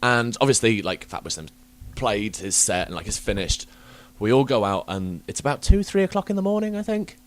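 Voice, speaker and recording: A young man hosting a podcast, telling stories in a casual, animated way, swearing freely and laughing often. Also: fairly low pitch, brisk. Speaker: podcast host. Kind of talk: casual chat.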